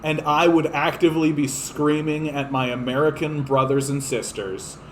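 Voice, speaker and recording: A man's voice: a little high, steady tone, normal speed, a little hiss or hum, rough recording. A man hosting a livestream, delivering an impassioned, profane political rant that repeats itself for emphasis. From Canada. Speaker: livestream host. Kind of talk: ranting political livestream monologue.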